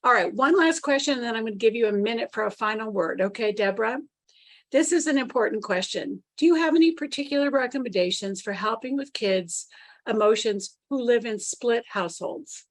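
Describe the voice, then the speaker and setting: She is an upbeat woman hosting an online parenting seminar. She reads out audience questions and thanks her guest in a fairly high, encouraging voice. The dry, close sound of her video call has almost no room. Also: a little fast, no echo. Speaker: webinar host. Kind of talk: moderating live Q&A.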